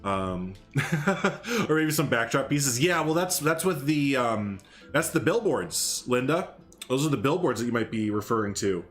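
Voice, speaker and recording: A man's voice: mid-range voice, lively intonation, normal speed, soft background music. A young man chatting casually on a live stream while he builds in a game, rambling, humming and greeting viewers by name.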